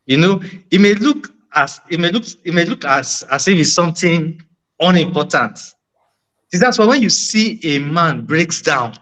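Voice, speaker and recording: Bright-voiced man arguing earnestly. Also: on the high side, expressive, unhurried, low-quality recording. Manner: earnest, persuasive, repeats phrases. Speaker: panel guest. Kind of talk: panel discussion.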